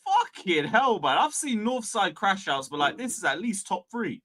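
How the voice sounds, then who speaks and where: Laid-back man with lively, high voice. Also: normal speed. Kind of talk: casual chat.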